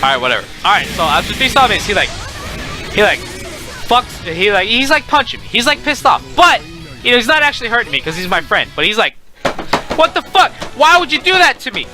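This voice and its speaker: A young man telling a casual storytime, animated and profane, with faint music behind him. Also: high-pitched, quick pace.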